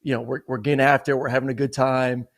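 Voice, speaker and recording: A man's voice: medium pitch, flat delivery, fast talker, gravelly. A man in his thirties, co-hosting a sports podcast, telling a long story in a loose, rambling way full of fillers. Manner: rambling storyteller, many "you know" and "like" fillers. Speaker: co-host. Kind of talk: casual sports podcast chat.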